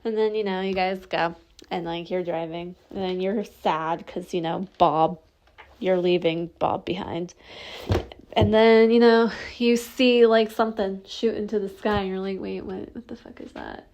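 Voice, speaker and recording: A woman's voice: medium pitch, steady tone, a little slow, darkish tone, lo-fi sound. Young woman rambling through a role-play recap. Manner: rambling, filler-heavy, swearing. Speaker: voice actor narrating a listener role-play. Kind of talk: casual role-play narration.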